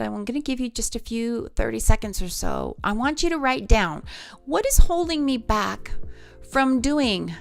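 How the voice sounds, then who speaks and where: A woman's voice: medium pitch, creaky. Encouraging woman vocal coach on a livestream. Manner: encouraging, speaks to viewers and reads their comments aloud. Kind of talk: live-stream coaching talk.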